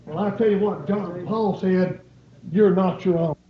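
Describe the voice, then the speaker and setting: A man's voice: high-pitched, a little slow. A man preaching a sermon, pleading and repeating his points with rising emphasis. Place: church. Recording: echoey, dull church recording.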